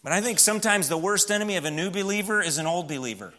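A man preaching a sermon as pastor in a church, emphatic, slowing down and dropping to a hush on key words. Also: sits high, animated.

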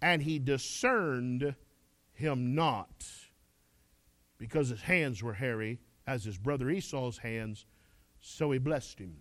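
A man's voice: mid-range voice, slow pace, long pauses, fairly bright tone, no echo. A man preaching a sermon, reading scripture aloud and then pressing his listeners with pointed questions. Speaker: pastor.

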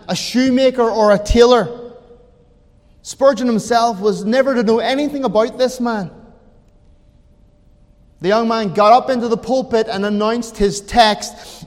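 A man preaching a sermon, telling a story slowly and dramatically, dropping to near silence and then rising to loud emphasis. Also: sits high, in a large hall. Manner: slow, dramatic, swings between quiet and loud.

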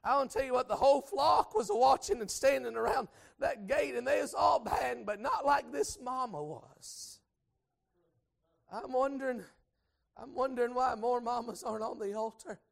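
A man preaching a storytelling sermon in folksy speech, swinging from hushed asides to shouted exhortation. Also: very high voice, lively intonation, moderate pace, gravelly. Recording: church service with congregation responses. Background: congregation.

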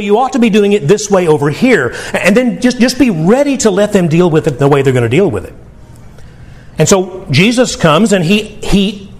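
A pastor with a high-pitched voice delivers a sermon to his congregation. His preaching is earnest and emphatic, and he often restarts his phrases as he talks. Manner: earnest, emphatic, conversational preaching with repeated words.

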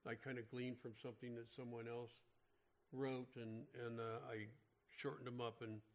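A man teaching scripture in a relaxed, conversational sermon. He often restarts his sentences as he explains, and his voice sits at a medium pitch. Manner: conversational, frequent restarts and filler words. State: mentions having an irregular heartbeat. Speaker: Bible teacher. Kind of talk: informal Bible study sermon.

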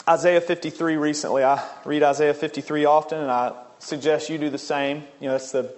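A man preaching a sermon as a pastor, earnest, slowing down to stress key words. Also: a little high.

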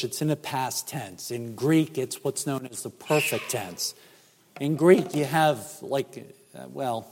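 A man preaching a sermon as pastor, emphatic and measured, with rhetorical questions. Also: mid-range voice, darkish tone. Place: church sanctuary. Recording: church hall reverb.

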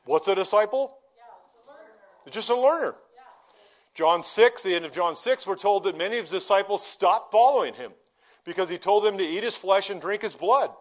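A middle-aged pastor with a high voice delivers a sermon in a relaxed, conversational teaching style. He puts questions to the congregation and draws out key phrases slowly for emphasis. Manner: slows down to stress key phrases.

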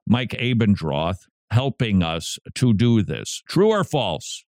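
Radio preacher-host, male, lively swooping delivery, dry studio mic, emphatic and rising to near shouts. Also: lowish voice, slow, no room sound. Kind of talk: animated Christian radio preaching.

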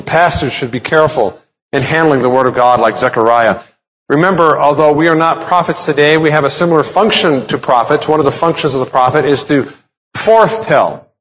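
A pastor from the United States delivers a sermon, working through a text step by step and posing rhetorical questions. His male voice sits fairly high and sounds a bit bright.

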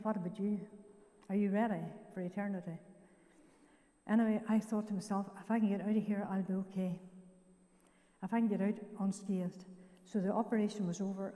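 A woman's voice: mid-range voice, warm tone, big-room sound. An older woman with a Northern Irish accent gives her testimony at a church service, telling her story plainly and acting out what each person said. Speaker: guest giving her testimony. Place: church hall.

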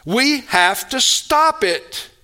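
A male pastor preaching a sermon, emphatic, moving between loud exhortation and quiet storytelling. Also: very high-pitched, big pitch swings, drawn-out words.

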